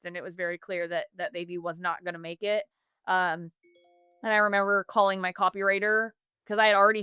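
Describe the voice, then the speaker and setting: A woman's voice: mid-range voice, bright, forceful tone, clean tone, dry recording, studio quality. A woman in her thirties, a podcast guest, telling a personal story earnestly, with many fillers and self-corrections. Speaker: podcast guest, business founder.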